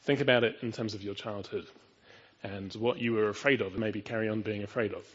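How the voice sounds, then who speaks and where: A man's voice: lowish voice, fairly even intonation, brisk, a bit bright, husky, highs cut off. A man preaching a sermon in an earnest, emphatic way, often asking his listeners rhetorical questions.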